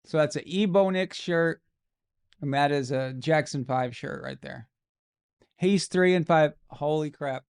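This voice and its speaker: A man hosting a live stream, reacting to a football game with jokes and excited, casual commentary. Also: fairly high pitch, measured pace, gravelly, smooth. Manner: joking, excitable, swears casually. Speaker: livestream host.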